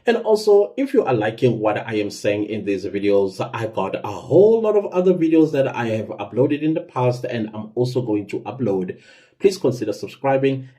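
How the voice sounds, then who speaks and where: A man talks through advice in a loose, conversational way, leaning on certain words for emphasis and now and then trailing off into fillers. His voice sits mid-pitch with a dark, mellow tone. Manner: conversational, lively emphasis, self-corrections and fillers. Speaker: podcast host giving tips. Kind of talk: casual instructional talk.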